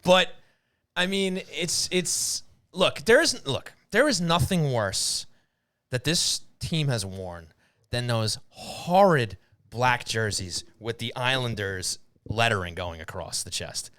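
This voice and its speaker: A man's voice: mid-range voice, expressive, a bit bright. A man co-hosting a casual sports podcast, emphatic and opinionated. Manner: emphatic, opinionated, quick to chime in. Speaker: podcast co-host.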